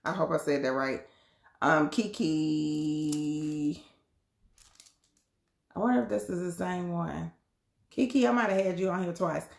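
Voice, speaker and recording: Low-voiced woman reading cards, echoey. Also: a little slow, creaky, pauses often. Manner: chatty, addresses viewers as y'all and beloved; laughs often. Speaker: tarot card reader. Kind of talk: casual live reading.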